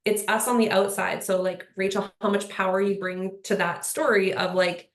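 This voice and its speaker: A woman's voice: mid-range voice, steady tone, moderate pace. Earnest rambling woman in a roomy hall. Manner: earnest, rambling, many fillers like "like" and "you know". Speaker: panel speaker. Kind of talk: casual panel conversation. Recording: roomy echo.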